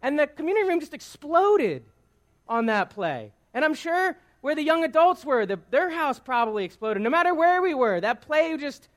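A man with a high-pitched voice delivering a casual, conversational sermon in church. He speaks informally, tossing questions out to the congregation and punctuating his points with a quick "right?". He sounds like a pastor chatting with his own flock. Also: big pitch swings. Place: church sanctuary before a congregation.

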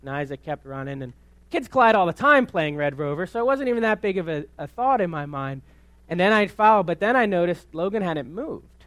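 Man, 30s, preacher telling a story conversationally, slightly high voice, dry close sound. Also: lively intonation, a little fast, fairly bright tone, no echo. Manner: conversational storytelling with many restarts. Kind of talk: sermon testimony. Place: church.

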